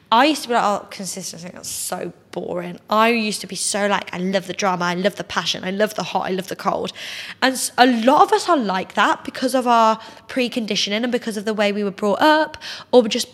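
A woman, casually telling a personal story as a podcast host, chatty and full of "like". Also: medium pitch. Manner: chatty, heavy use of "like", animated quoting. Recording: long hall reverb.

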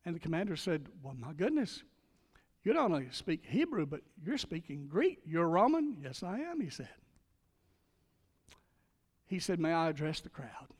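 High-voiced older male preacher in a hall. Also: big pitch swings, moderate pace, pauses often. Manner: storytelling with dramatic emphasis. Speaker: pastor. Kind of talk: sermon. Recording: long reverb of a large hall.

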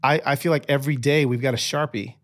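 A man who is a podcast guest, telling stories in a chatty, animated way with many restarts. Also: medium pitch, fast talker. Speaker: podcast guest, author and speaker. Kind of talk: casual storytelling interview.

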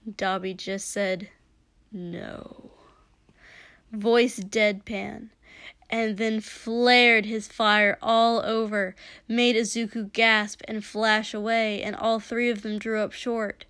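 Lady reading a story out loud, really slow, kinda high, dry close sound. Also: flat delivery, smooth, no echo. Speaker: narrator. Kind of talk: reading fan fiction aloud.

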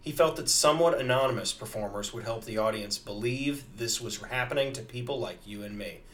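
Brief: easygoing male co-host, dry humor, mid pitch, slight background noise. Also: a little fast, far from the mic. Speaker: podcast co-host. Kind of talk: casual comedic banter.

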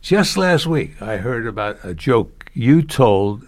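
A man's voice: mid-range voice, sing-song, slow pace, a little mellow. A man giving preaching advice in a podcast conversation, chuckling between points. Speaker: preaching teacher.

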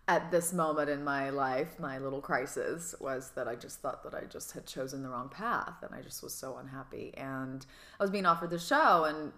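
A woman in her thirties from Atlanta, an actress chatting in an interview with a sassy, animated manner and frequent laughter. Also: rumbling low, normal speed. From Atlanta, US South. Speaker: actress guest. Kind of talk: casual interview chat.

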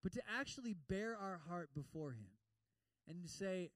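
A male pastor giving a lively sermon, acting out prayers in other voices and slipping in humor. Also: high-pitched, measured pace, dry recording, recorded from a distance, low-quality recording.

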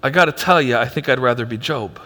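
A male pastor preaching a sermon with emphatic delivery that swings from loud to hushed, in a church auditorium. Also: mid-range voice, fast talker. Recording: long hall reverb.

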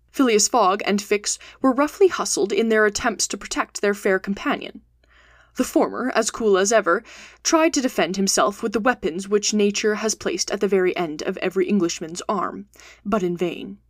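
A woman hosting a storytelling podcast, reading a classic novel aloud in a steady, clear, expressive way. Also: medium pitch, dry recording, studio quality.

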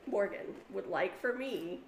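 A woman co-hosting a podcast in casual chat, an animated storyteller who swears freely. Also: mid-range voice, a little slow, echoey room, slight background noise. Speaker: podcast co-host.

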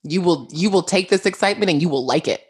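A woman co-hosting a podcast, bubbly and jokey, who calls herself a genuinely excited person. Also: fairly low pitch, quick pace. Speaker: podcast co-host. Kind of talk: casual podcast chat.

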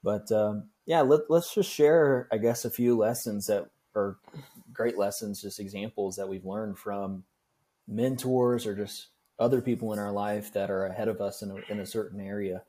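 A young man co-hosting a podcast, talking in a relaxed, reflective and rambling way. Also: lowish voice, normal speed. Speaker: podcast co-host. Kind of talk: casual podcast chat.

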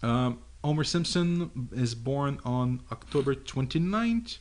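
A man co-hosting a podcast in casual chat, halting, with many fillers and restarts. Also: mid-range voice, animated. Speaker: podcast co-host.

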